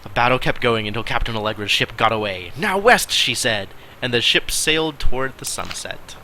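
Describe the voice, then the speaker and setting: A man streaming a game, musing aloud in casual commentary with wry asides and quiet mutters. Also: medium pitch, brisk, slight background noise.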